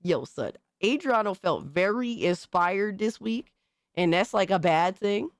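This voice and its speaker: An excitable woman hosts a casual livestream, swearing freely and talking in street slang. Her pitch leaps up and down constantly. The sound is close and dry, with no room echo. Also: measured pace. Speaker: livestream host.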